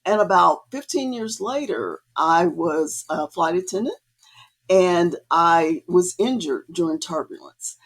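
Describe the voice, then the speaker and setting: A woman guest telling her story in a casual interview, chatty and lively, acting out remembered conversations. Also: unhurried. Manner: chatty, acts out quoted dialogue with rising pitch. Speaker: guest artist.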